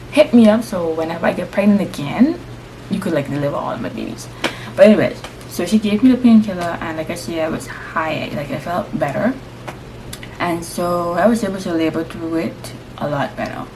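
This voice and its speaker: A young woman vlogger and first-time mom telling her story casually to camera, lively and slangy. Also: lowish voice, normal speed. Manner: lively, acts out voices, slangy and chatty. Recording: steady background noise.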